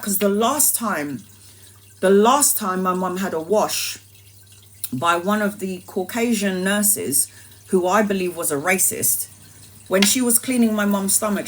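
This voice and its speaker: A woman and tarot reader telling a story in a casual livestream, acting out the voices animatedly. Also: mid-range voice.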